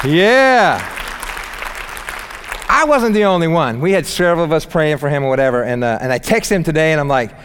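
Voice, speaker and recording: A man preaching a sermon in church, animated and humorous, jumping between loud bursts and quiet asides and laughing at his own jokes. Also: fairly high pitch, moderate pace, a faint crowd, a little hiss or hum. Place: church sanctuary.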